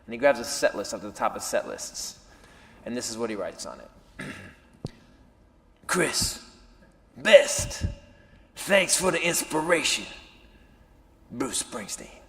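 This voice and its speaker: A man doing stand-up storytelling on stage, animated, swinging between shouting and hushed impressions. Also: mid-range voice, slow pace, creaky, long pauses, slight background noise. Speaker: stand-up comedian. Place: stage in a theater. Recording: live venue with long reverb, faint ambience.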